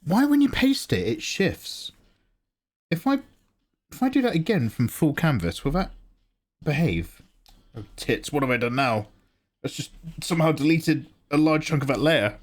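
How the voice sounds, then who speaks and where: Hosting a live drawing stream, a young man speaks in a slightly high, sing-song voice at a moderate pace, leaving long pauses. He's chatty and jokey with his viewers and laughs a lot.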